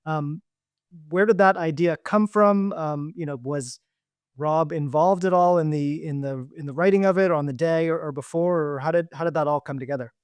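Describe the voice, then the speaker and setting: A man's voice: a little high, moderate pace, clear, resonant tone, no echo. Dry-sounding male podcast host. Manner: thoughtful, hedging with fillers. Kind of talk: interview questions.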